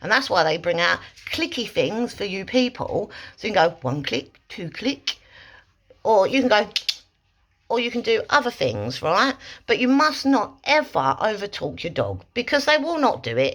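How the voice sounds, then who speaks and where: A woman dog trainer giving a casual, rambling tutorial, breaking off to snap out short, sharp demonstration commands. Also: medium pitch, very animated, normal speed. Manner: chatty, rambling, snaps out sharp demo commands.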